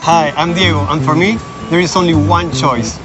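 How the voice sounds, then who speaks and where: A deep-voiced, earnest man from a candy commercial, as a woman puts him on, with a slow, mock-dramatic delivery. Loud music plays behind him. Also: fairly even intonation, natural voice. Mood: mock solemn.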